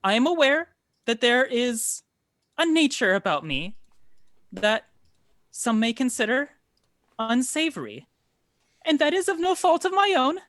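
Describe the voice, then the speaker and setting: A woman voicing a frazzled, nervous noblewoman in a tabletop game, higher than her own voice and apologetic. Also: very animated, unhurried, long pauses, fairly bright tone, no echo, studio quality, heavily acted. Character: frazzled, shaky young noblewoman with dark blood.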